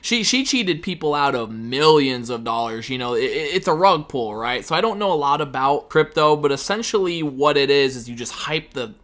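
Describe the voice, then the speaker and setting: A man delivers sarcastic reaction commentary in a bright, sharp voice. He talks in a casual, profane way, throwing in mocking asides as he reacts. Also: fairly high pitch, lively intonation, normal speed, hardly any pauses. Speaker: commentary YouTuber.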